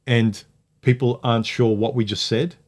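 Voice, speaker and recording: A man's voice: medium pitch, fairly even intonation, moderate pace. A man hosting a casual livestream chat from home, blunt and opinionated, hammering his points home. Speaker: livestream host.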